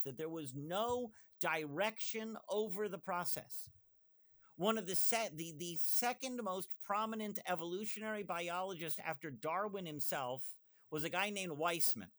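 Guest, male, high bright voice, animated and digressive, talks in quick bursts. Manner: animated, fast asides and self-interruptions. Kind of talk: conversational discussion.

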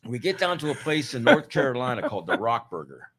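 A man's voice: mid-range voice, big pitch swings, fast talker, a bit bright, breathy edge. A middle-aged man from Ohio telling a band road story in casual chat, easygoing and quoting people in dialogue. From Ohio, near Youngstown.

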